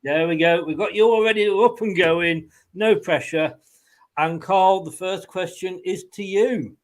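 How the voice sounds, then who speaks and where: A man with a slightly higher voice hosts a casual online quiz show. He chats loosely and keeps breaking into laughs. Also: unhurried. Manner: chatty, laughs often while talking. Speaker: quiz host.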